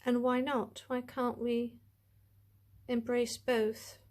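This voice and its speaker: A woman's voice: fairly high pitch, monotone, slow, darkish tone. A woman chatting to camera as she reviews a tarot deck, gushing, rambling and full of asides.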